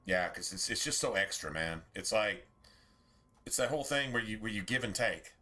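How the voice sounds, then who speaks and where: An expressive man with a voice on the low side, moderate pace and bright, forceful tone chats casually while streaming a game. He rambles, swears freely and talks straight to chat.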